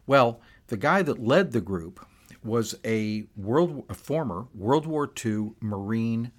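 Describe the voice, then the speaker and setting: An older man hosting a podcast, telling personal stories in a relaxed, conversational way with frequent restarts and asides. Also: mid-range voice, slow. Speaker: podcast host. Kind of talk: casual personal storytelling.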